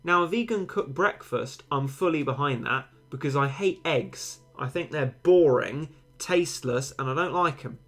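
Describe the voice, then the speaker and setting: A man's voice: on the high side, normal speed, few pauses, fairly bright tone, faint music behind. Chatty man streaming a game. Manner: chatty and rambling, given to mock-dramatic overstatement. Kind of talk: casual live-stream chat reading out and answering viewer comments.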